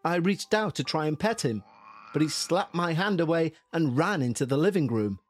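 A man narrating a listener's first-person horror story in a slow, measured storytelling manner. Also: on the high side, animated, faint music behind.

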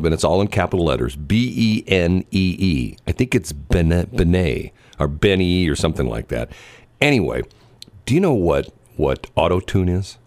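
Low-voiced guy doing morning radio banter, rambles and restarts a lot, dry studio mic. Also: darkish tone, no echo. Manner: rambling, with many restarts and fillers. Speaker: radio morning show host. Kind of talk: casual on-air banter.

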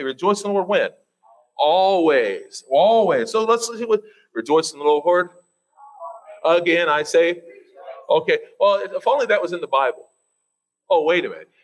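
Male preacher, sermon, fairly high voice, teasing, swings up for emphasis, slow scripture reading. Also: poor audio. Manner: reads scripture slowly and deliberately.

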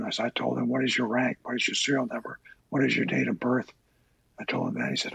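An older man, a former Navy officer, recounting his past in a halting interview with many fillers. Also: medium pitch, steady tone, gravelly, a bit bright, breathy edge, no room sound, low-quality recording. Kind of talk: oral history interview.

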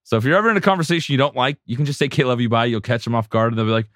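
A man's voice: medium pitch, lively intonation, fairly bright tone, dry recording, clean studio sound. A man co-hosting a podcast, laid-back and laughing as he tells stories in casual chat. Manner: laid-back, laughing, quick when storytelling. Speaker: podcast co-host.

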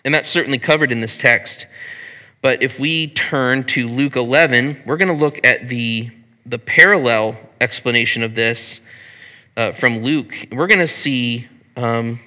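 Bright-voiced man teaching a Bible class. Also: medium pitch, measured pace, big-room sound. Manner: conversational, asks the group questions, frequent throat clearing.

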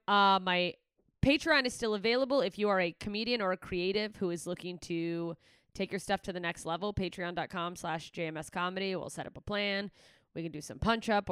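A woman comedian hosting her own podcast, talking in a loose, candid ramble peppered with swearing. Her voice sits on the low side and sounds smooth and resonant. The sound is close and dry, with no room around it. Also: fairly bright tone, no room sound. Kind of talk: casual podcast sign-off chat.

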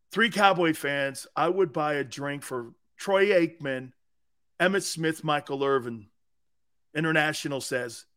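A middle-aged man hosting a sports talk stream, joking and reading viewer comments aloud. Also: on the high side. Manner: animated, joking, jumps between chat comments. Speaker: sports talk show host.

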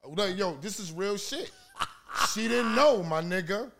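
A man with a New York accent from Queens, cursing freely and telling animated stories in a heated podcast debate. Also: high-pitched, measured pace, background noise. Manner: profane, animated storytelling. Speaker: podcast co-host.

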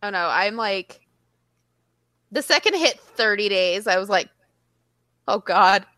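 A woman co-hosting a podcast in casual chat, playful and laughing often, mimicking others in high voices. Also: expressive, normal speed, bright, forceful tone, no echo. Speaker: podcast co-host.

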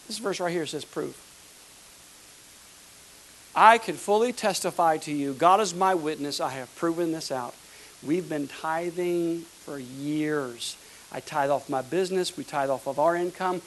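Fervent preaching man, fairly high voice. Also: fairly bright tone, low-quality recording. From United States. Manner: fervent, emphatic, repeats words for stress. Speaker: pastor. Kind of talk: sermon.

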